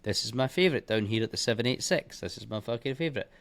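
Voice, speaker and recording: A man's voice: animated, fast, fairly bright tone. Man, trading teacher, foul-mouthed, scornful, punchy, chart walkthrough. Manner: blunt, heavily profane, scornful; emphatic sound effects like boom and bish bash bosh. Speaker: trading educator.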